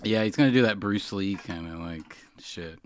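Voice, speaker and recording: A man co-hosting a podcast, riffing playfully and pitching ideas in casual chat. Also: normal speed, a little hiss or hum. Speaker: podcast co-host.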